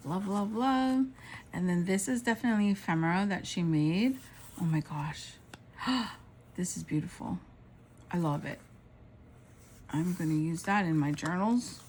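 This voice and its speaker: Slow-talking, gushing woman crafter. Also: on the low side, slight background noise, rough recording. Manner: gushing, excited, exclaiming over each item. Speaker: craft vlogger. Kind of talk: casual show-and-tell narration.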